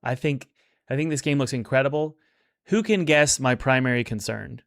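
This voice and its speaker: A man's voice: medium pitch, moderate pace, gravelly. A man in casual livestream commentary, reviewing indie games in an upbeat, rambling way with many restarts.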